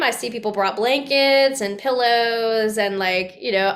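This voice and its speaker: A woman guest on a podcast telling a personal story in a casual, animated way, with many fillers and restarts and acted-out quotes. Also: a little high, a little slow, hardly any pauses.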